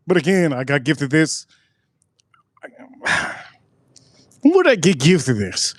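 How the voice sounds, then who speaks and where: Excitable man with a light, dry voice. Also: a little high, takes it slowly, long pauses, dry recording. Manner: excitable, repeats himself for emphasis. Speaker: spirits reviewer host. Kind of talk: casual live tasting review.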